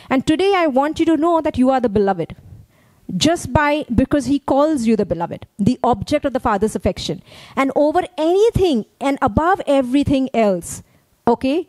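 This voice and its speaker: Woman pastor, high voice, chatty sermon delivery, dry close recording. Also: darkish tone, no room sound. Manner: conversational preaching, frequent "okay?" check-ins.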